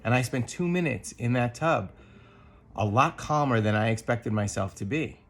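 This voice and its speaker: A man co-hosting a podcast, sharing a personal reflection in an earnest, thoughtful way, pausing often with ums and restarts. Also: medium pitch, lively intonation. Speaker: podcast co-host.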